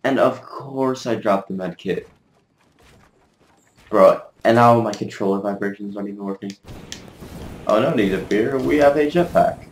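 A man giving live gameplay commentary as a gaming video creator, excitable, cursing mildly and trash-talking his opponents. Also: on the low side, moderate pace, pauses often. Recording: roomy echo.

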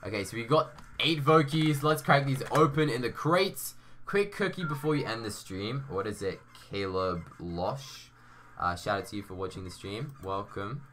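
A man's voice: mid-range voice, animated, moderate pace, a bit bright, a little hiss or hum. A young man chatting casually on a gaming live stream, reading viewer messages aloud and answering them.

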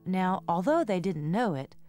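A woman reading a children's story aloud in an expressive, sing-song way. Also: on the low side, moderate pace. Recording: guitar music behind.

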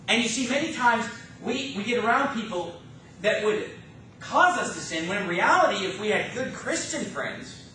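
High, bright-voiced preaching man. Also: slight background noise. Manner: emphatic preaching, rising and falling in force. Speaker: pastor. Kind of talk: sermon. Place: church sanctuary. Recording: echoey church room from far off.

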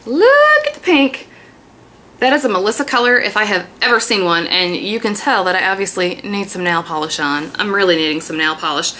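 A woman in her thirties chatting excitedly about a mail haul in a casual vlog. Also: fairly low pitch, fast talker, few pauses, slight background noise. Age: 30s. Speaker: beauty vlogger. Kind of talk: casual haul video chat.

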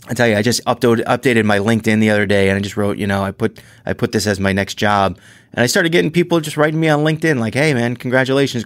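A man hosting his own podcast, talking casually on his own, rambling with many restarts and excited asides. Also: fairly low pitch, no echo. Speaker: podcast host. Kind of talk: casual solo podcast monologue.

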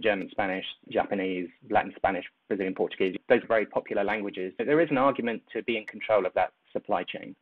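A man, an industry executive, giving a measured, explanatory interview answer and weighing options aloud over remote call audio. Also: lowish voice, no room sound. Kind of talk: interview answer on business strategy. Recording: tinny phone-like line, dry.

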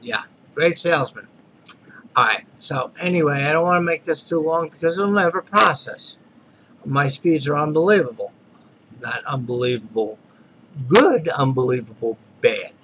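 A man's voice: a little high, lively intonation, normal speed, fairly bright tone. A man venting in an irritated, exasperated rant as a dissatisfied customer in a complaint video. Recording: dull lo-fi recording with faint noise.

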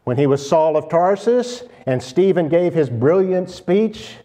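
A man preaching a sermon, speaking slowly and deliberately and stressing key words. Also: fairly high pitch, expressive, warm tone.

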